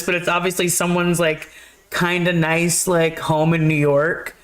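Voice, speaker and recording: A woman's voice: fairly low pitch, little pitch movement, unhurried. Casual co-host, woman; loose, rambling plot recap with fillers and laughter. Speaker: podcast co-host. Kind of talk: casual movie chat.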